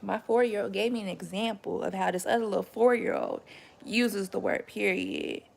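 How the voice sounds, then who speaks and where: A young woman, a mother, casually telling her viewers a story in a chatty, animated way, often laughing and jumping up high when she quotes. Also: moderate pace, gravelly. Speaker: vlogger and mother.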